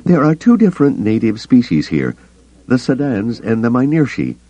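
A man's voice: medium pitch, huge pitch swings, moderate pace, warm tone, voice pushed up. A man voicing a blunt, grim woman smuggler who growls out warnings, on a dull, lo-fi cassette recording.

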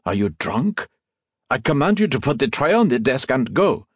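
A man's voice: lowish voice, quick pace, dry recording, clean studio sound, close to an everyday voice. A man voicing a haughty, commanding middle-aged diplomat who scolds his servant, raised above his own register. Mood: scolding.

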